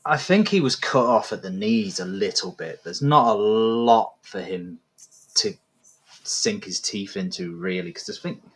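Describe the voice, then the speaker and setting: Deep-ish, husky male, dry and measured delivery. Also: animated, a bit bright. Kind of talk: casual chat.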